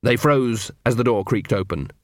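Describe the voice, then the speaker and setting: A man narrating a comic fantasy audiobook with expressive storytelling. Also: mid-range voice, normal speed, no echo, clean studio sound. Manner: expressive, character-driven storytelling. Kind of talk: scripted narration.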